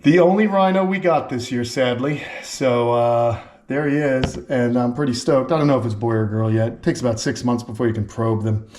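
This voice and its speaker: A man's voice: medium pitch, fairly even intonation, normal speed, hardly any pauses, darkish tone. A man hosting a casual vlog at a reptile sanctuary, talking with enthusiasm to the camera and to the animals, recorded on a camera mic indoors. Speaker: vlog host at a turtle and tortoise sanctuary.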